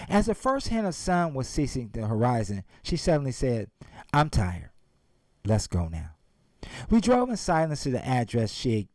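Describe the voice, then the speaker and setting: Lively, emphatic man giving a speech. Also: mid-range voice, dry recording. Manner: emphatic, addresses the audience directly. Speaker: speaker. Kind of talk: motivational speech with storytelling.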